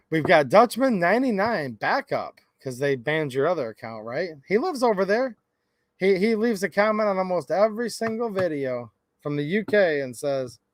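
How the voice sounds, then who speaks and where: A man's voice: high-pitched, fairly bright tone, dry recording. A man hosting a casual livestream, greeting viewers by name in a chatty, upbeat way and calling them man and dude. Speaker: livestream host.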